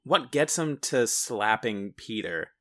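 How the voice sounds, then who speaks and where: Man, bright crisp timbre, laid-back film chat, hesitant, casual swearing. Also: fairly low pitch, lively intonation, takes it slowly. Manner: easygoing, hesitant with fillers, swears, laughs at himself.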